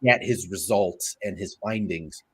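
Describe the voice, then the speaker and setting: A man's voice: low-pitched, measured pace, breathy edge. A man co-hosting a casual movie review chat, rambling and searching for words with lots of fillers. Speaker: podcast co-host.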